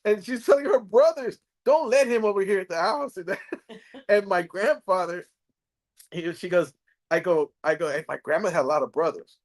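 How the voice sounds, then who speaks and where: A man's voice: high voice, moderate pace. A middle-aged man from Texas, a comedian hosting a casual chat, telling family stories with laughs and acted-out quotes. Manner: animated, laughing, acts out quoted voices. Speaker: comedian host.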